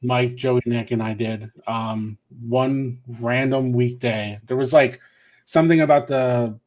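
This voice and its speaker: A man's voice: mid-range voice, fairly even intonation, unhurried, darkish tone. A man reminiscing in rambling casual chat as a podcast guest.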